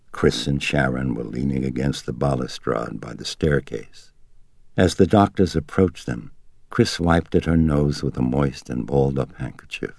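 A man reading an audiobook in an extremely deep, gravelly voice. His tone is husky and close, with a dry, intimate sound and no room around it. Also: a little mellow, no echo. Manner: measured, low-key reading with voiced character dialogue. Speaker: narrator. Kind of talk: audiobook narration.

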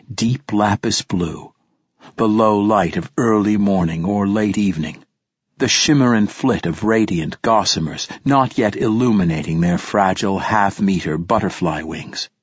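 A man narrating an audiobook in a measured, descriptive storytelling manner. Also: on the low side, husky, no echo. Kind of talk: scripted narration. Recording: slightly dull audiobook recording.

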